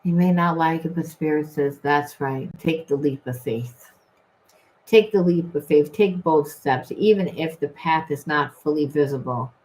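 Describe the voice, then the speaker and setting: A woman's voice: low voice, darkish tone, rough recording. A woman giving a rambling, emphatic spiritual reading, full of restarts and repeated phrases. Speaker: tarot reader.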